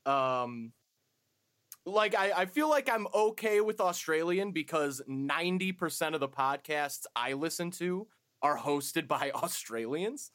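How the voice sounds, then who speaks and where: A man's voice: fairly high pitch, lively intonation, measured pace, fairly bright tone. A man co-hosting a podcast in casual chat, chatty and laughing as he talks. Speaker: podcast co-host.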